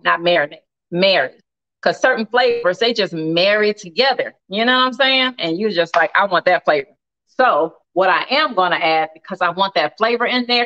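A woman talks to her live-stream audience as she cooks at home, her pitch swinging freely up and down in an animated, playful way. She chats casually and breaks into loud whoops. The audio is dull and a bit lo-fi. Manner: playful, chatty, exclaims loudly. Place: home kitchen.

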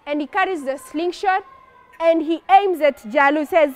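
A woman narrating a religious story for children in an animated way, often asking her listeners questions. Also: high-pitched, moderate pace, a little hiss or hum.

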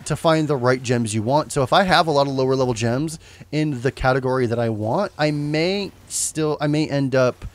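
This is a young man with a medium-pitched voice at an ordinary pace, commenting casually on a game he streams. He wanders from point to point, revises what he says, and throws in humorous remarks.

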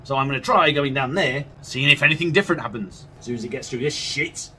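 Mid-range, fast and sharp-toned, this gaming video creator narrates his horror playthrough with nonstop profanity, arguing agitatedly with the game. The let's play commentary comes through a distant mic with faint game music and slight background noise.

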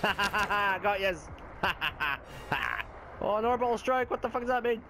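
A young man talks over his gameplay into a headset at home, his pitch leaping all over as he reacts. He is sweary and excitable, and he laughs at his own blunders. Faint background noise sits under his voice. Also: slow. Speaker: gaming YouTuber. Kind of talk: live gameplay commentary.

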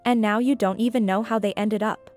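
A woman voicing a calm, sensible young woman friend in a narrated story. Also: medium pitch, fairly quick, faint music behind, lightly acted.

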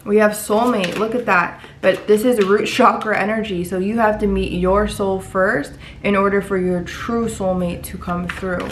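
A woman's voice: medium pitch, steady tone, moderate pace, few pauses, slight background noise. A woman giving a tarot reading to her viewers, reassuring and repeating phrases for emphasis. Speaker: tarot reader.

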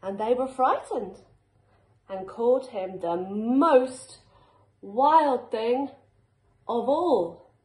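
Slow, expressive woman reading to children. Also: fairly high pitch. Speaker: teacher. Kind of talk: reading a picture book aloud to children. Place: school classroom. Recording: echoey room.

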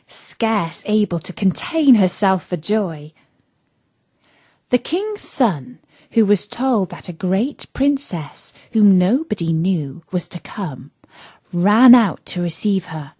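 A woman reading a classic fairy tale aloud for children, deliberate and expressive. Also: fairly low pitch, no room sound. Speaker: storyteller.

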